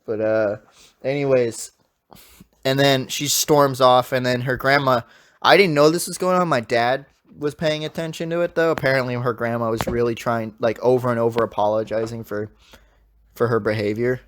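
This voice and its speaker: Young guy rambling thru a story on a podcast, swearing lots, normal pitch. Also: steady tone, normal speed. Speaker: podcast co-host. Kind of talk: casual chat.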